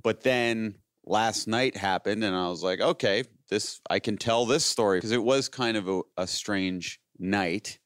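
A man's voice: on the low side, unhurried, hardly any pauses, clean tone, no room sound, studio quality. A man in his late thirties, a podcast host, telling a long story in casual chat, laughing often and acting out the voices of the people in it. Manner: rambling, laughing, acts out quoted voices.

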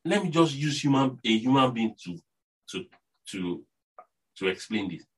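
A man's voice: medium pitch, sing-song, normal speed, slightly rough. A man with a Nigerian accent preaching a sermon earnestly, repeating phrases for emphasis.

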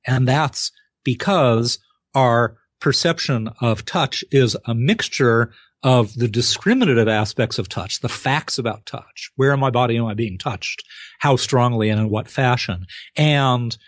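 A man answering as a guest expert in an interview, explaining clearly and acting out short examples with exclamations. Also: medium pitch, unhurried, dry recording. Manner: lively, acts out examples with exclamations.

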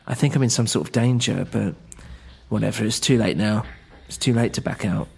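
Low-voiced man narrating a tense story. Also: fairly quick, gravelly, husky. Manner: tense, introspective. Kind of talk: first-person serialized story narration.

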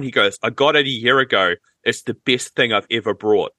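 A man co-hosting a podcast in casual chat, easygoing and quick with joking asides. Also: mid-range voice, pushed and bright, no room sound. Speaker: podcast co-host.

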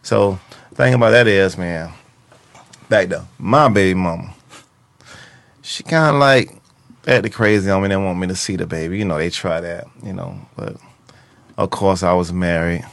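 A man's voice: sits low, normal speed, vocal fry, long pauses, a bit bright, no room sound. A middle-aged man with a Miami accent, talking as a podcast guest in a slurred, laid-back drawl full of street slang. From Miami, USA. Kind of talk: casual chat.

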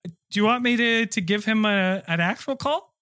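A man's voice: high-pitched, normal speed, pushed and bright, smooth, no echo, studio quality. A man co-hosting a comedy podcast, bantering in a goofy, mock-announcer way. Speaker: podcast co-host.

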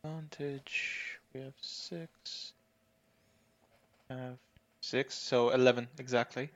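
A man playing at a tabletop game table, speaking in a hesitant, low-key way. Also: fairly even intonation, slow, vocal fry, dull audio. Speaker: player. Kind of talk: casual chat at a game table.

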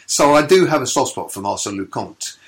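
A man's voice: mid-range voice, animated, brisk. A man who promotes comedy, talking in a casual interview in an enthusiastic, rambling, hesitant way.

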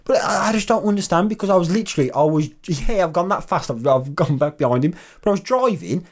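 A man's voice: sits high, quick pace, few pauses. A young man co-hosting a podcast, telling stories in casual chat and swearing freely. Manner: animated, swearing storyteller. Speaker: podcast co-host.

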